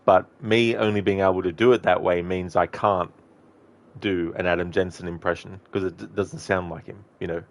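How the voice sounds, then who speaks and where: A man's voice: deep voice, steady tone, normal speed. A male streamer making casual commentary while gaming, rambling and thinking aloud.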